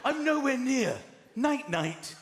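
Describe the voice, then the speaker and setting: English stand-up guy, high lively voice, ranty and exasperated, echoey hall with a loud crowd laughing. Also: slow. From England. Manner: animated, exasperated rants with mock voices. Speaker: stand-up comedian. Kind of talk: stand-up comedy routine. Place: large comedy venue with live audience. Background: audience laughter.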